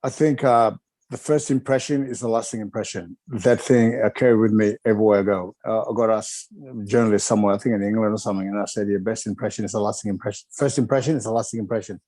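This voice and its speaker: A man's voice: on the low side, fairly even intonation, fast talker, mellow, no room sound. A middle-aged man from Wales, a retired wrestler, reminiscing in a rambling, chuckling way with lots of filler phrases.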